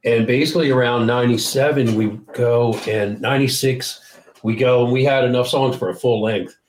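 A man from Maryland, a guest musician, telling rambling, animated stories in a casual interview. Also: mid-range voice, moderate pace, echoey room, slight background noise.

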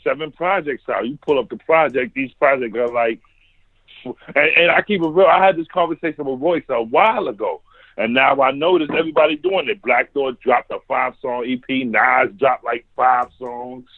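A man's voice: medium pitch, moderate pace, no room sound. A man from Harlem with a New York accent, chatting casually and telling stories in slang. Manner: laid-back, slangy storytelling. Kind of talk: casual chat. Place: home basement. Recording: tinny phone-like line.

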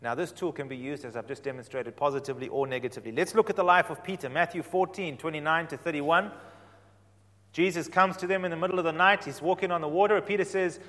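Animated male preacher in a reverberant hall. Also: a little high, quick pace. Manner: animated, swings from quiet to emphatic. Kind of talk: sermon.

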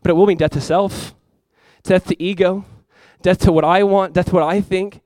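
A young adult man preaching a sermon as pastor, casual and animated, full of "like" asides. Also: high voice, normal speed, dry recording. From South Florida.

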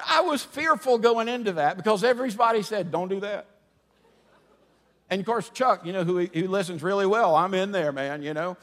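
A middle-aged man preaching a sermon, moving from humorous storytelling to quiet, earnest preaching. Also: sits high, normal speed. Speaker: pastor. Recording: long hall reverb.

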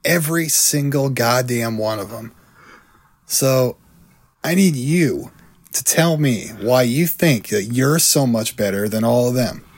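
A man playing a busy middle-aged male shop-owner filmmaker, gruff and profane in an improvised podcast bit. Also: mid-range voice, lively intonation, a little slow. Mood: scoffing.

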